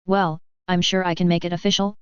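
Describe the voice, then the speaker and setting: A woman reading the lines of a silky, scheming female deputy ambassador with a smooth, purring manner. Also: lowish voice, little pitch movement, a little fast, no room sound, natural voice. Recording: dull, muffled recording.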